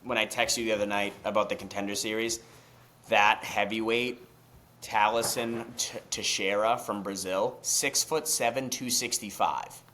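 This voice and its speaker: A young man co-hosting a podcast in casual chat, excitable and swearing freely, rambling through restarts. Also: lowish voice, normal speed, a little hiss or hum. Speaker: podcast co-host.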